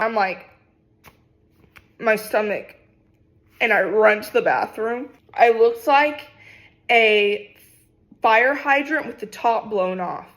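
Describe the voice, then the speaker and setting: Young woman vlogger, fairly high voice, lively storytime delivery with acted-out quotes. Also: slow, pauses often. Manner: animated, dramatic retelling with acted quotes. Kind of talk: casual storytime.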